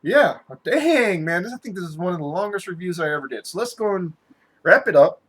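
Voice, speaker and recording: A drunk man rambling loosely through a casual liquor review vlog, swinging between loud and soft. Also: high-pitched, expressive, brisk, husky.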